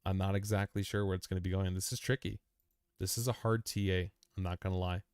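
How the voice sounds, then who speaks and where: Talking fast in a deep, darkish, clean voice with fairly even intonation, this young crypto streamer walks through price charts live from an echo-free, clean studio. He chats casually, repeats phrases, speaks to the chart as "you" and throws in "man", "dude" and "bro".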